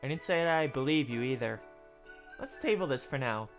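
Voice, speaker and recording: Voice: medium pitch, animated, a little fast, soft background music. Streamer voicing every game character. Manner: reads every character's lines and breaks off for laughing asides. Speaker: streamer reading a game's dialogue aloud. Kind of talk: live-streamed video game playthrough.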